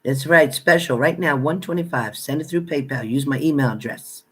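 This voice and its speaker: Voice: mid-range voice, moderate pace, a bit bright, slightly rough. Chatty, blunt tarot reader on a live stream. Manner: chatty, greets viewers by name; laughs often, playful banter. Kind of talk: casual live-stream chat with viewers.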